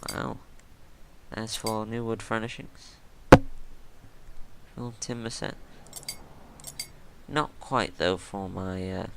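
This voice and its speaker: A man's voice: fairly low pitch, takes it slowly, creaky, long pauses, very noisy. Man thinking aloud over gameplay. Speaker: gameplay commentator. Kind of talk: casual gameplay commentary.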